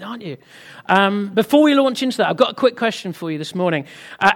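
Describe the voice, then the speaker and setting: A British man preaching a sermon, telling a humorous personal story to the congregation in a chatty way. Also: high voice. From Britain. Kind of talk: sermon with anecdote.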